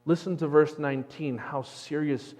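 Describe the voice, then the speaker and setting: A man's voice: on the high side, fairly even intonation, moderate pace, darkish tone. A man from Texas preaching a sermon as pastor, earnest and emphatic. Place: church sanctuary. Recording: long church hall reverb.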